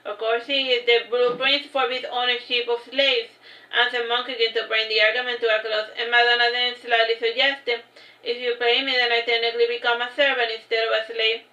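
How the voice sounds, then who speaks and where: A woman's voice: fairly high pitch, little pitch movement, fairly quick, bright, forceful tone. A woman reading her own novel aloud on a livestream, adding casual asides between passages. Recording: roomy, dull lo-fi stream audio.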